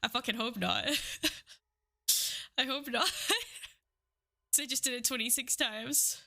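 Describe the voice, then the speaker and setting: A young woman livestreams, casually chatting with viewers in a slightly high, bright, pushed voice with vocal fry, speaking slowly. She giggles a lot, swears freely and sounds out of breath.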